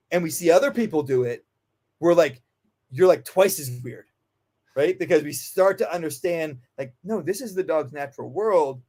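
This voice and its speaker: A man, a dog trainer and guest, telling stories in a casual, emphatic way with frequent swearing, acting out the voices he quotes. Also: sits high. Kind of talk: animated storytelling in casual conversation.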